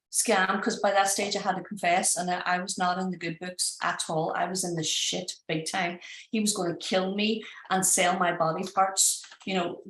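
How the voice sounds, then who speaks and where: Lively Irish woman telling a story. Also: medium pitch, echoey room, poor audio. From Ireland. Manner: animated, acts out voices in quotes. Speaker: project founder and guest. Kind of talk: casual storytelling.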